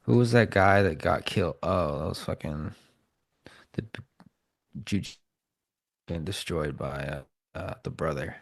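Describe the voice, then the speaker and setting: A man with a very low, gravelly voice banters bluntly on a podcast, swearing freely. The sound is dry and close. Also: a little slow, long pauses, no room sound. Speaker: podcast co-host. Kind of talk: casual banter.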